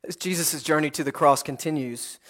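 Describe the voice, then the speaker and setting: Pastor guy preaching, kinda high voice, earnest and rhythmic, lots of repeating lines. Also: fairly bright tone. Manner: earnest, rhythmic repetition with dramatic pauses. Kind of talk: sermon.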